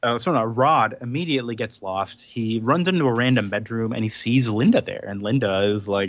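A man's voice: mid-range voice, brisk, few pauses, no room sound, muffled recording. A man co-hosting a podcast, retelling a comic's plot in a rambling casual way with lots of fillers. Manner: rambling, filler-heavy retelling with acted-out quotes. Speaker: podcast co-host. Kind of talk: casual chat recapping a comic.

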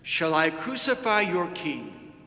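Slow, bright-toned Pilate, read by a man in a liturgical reading; echoey church with long reverb. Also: on the high side, very animated, exaggerated voice. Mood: questioning. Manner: measured, solemn reading. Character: Roman governor Pilate, adult man, questioning.

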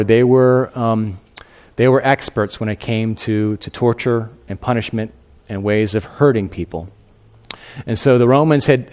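A man preaching a sermon as a pastor, retelling a story conversationally and acting out the voices of its people. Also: mid-range voice. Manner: animated, acts out the quoted figures in a raised voice; conversational, with asides to the congregation.

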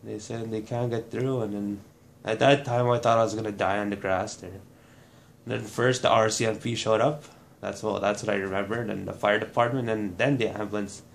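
Guy from manitoba, kinda low voice, talks in stops and restarts, swears plain. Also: fairly even intonation, creaky, slight background noise. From Manitoba, Canada. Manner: halting, restarting, blunt with swearing. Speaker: burn survivor telling his story. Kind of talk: personal testimony to camera.

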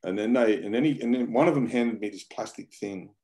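A fairly low, warm male voice moves a little fast as an Australian guest talks in a casual interview. His style is rambling and blunt, with frequent repetition and slang.

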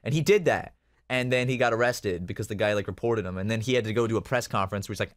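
A man's voice: fairly low pitch, quick pace, no echo, studio quality. A man co-hosting a casual comedic chat, joking, laughing and rambling with stammered restarts. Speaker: podcast co-host.

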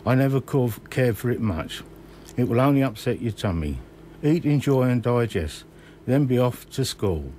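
A man voicing a kindly old grandfather with a Geordie accent, speaking slowly and gently. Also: medium pitch, animated, slight background noise, close to an everyday voice. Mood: gentle.

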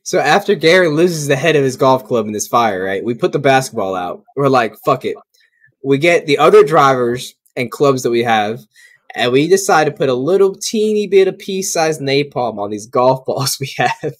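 A man's voice: medium pitch, moderate pace. A young man, co-hosting a casual podcast and laughing through crude stories. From North Carolina. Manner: laughing storyteller, animated and crude. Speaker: podcast co-host. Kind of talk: casual chat.

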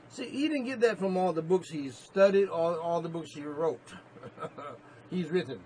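A male pastor preaching a sermon, emphatic, repeating himself and rising to sudden loud peaks. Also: a little high, lively intonation, moderate pace, slightly rough, poor audio.

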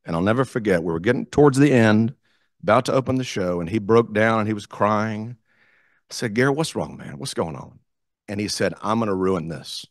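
A man tells a story to a club meeting. His voice sits low, and he jumps up and down in pitch as he acts out the quotes. The sound is close and dry. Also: expressive, fairly quick, no echo. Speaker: club guest speaker, theater director. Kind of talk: storytelling speech. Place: meeting room.

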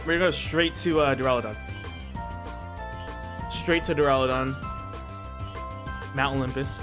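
A young man hosting his own channel, commentating a competitive battle game in a casual, excitable and nervous way, laughing often and tripping over words. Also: medium pitch, moderate pace, pauses often. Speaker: Pokemon battle league competitor and channel host. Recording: faint background music.

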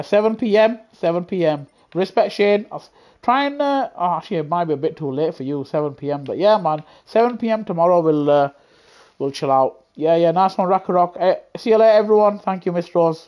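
A man streaming live racing gameplay from a home setup on a gaming headset, chatting to viewers and breaking into loud, frustrated outbursts. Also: high-pitched. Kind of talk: live sim-racing commentary.

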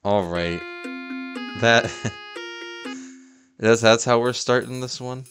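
A man's voice: mid-range voice, slow pace, music in the background. A young man giving casual gameplay commentary, talking to the game and yelping and laughing at what happens. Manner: excitable, yelps and laughs at the game. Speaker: gaming YouTuber.

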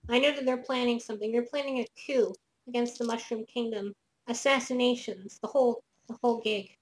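A woman voicing a paranoid male janitor informant in a tabletop game, speaking in hushed, urgent confessions. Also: a little high, steady tone, fairly quick, a little hiss or hum, lightly acted, rough recording. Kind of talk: tabletop role-play as game master.

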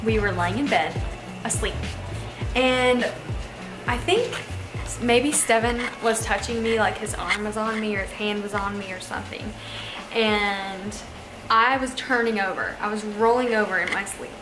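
A woman's voice: medium pitch, measured pace. A young woman chatting casually as she cooks at home, narrating each step and laughing often. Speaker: vlogger cooking at home. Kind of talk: casual chat while cooking. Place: home kitchen. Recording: echoey kitchen with music behind.

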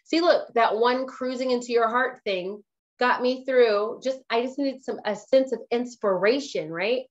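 A woman trainer hosting a casual live tutorial, chatting excitedly and laughing at herself as she works. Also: a little high, a little slow, dull audio. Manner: excitable, giggly, self-amused chatter.

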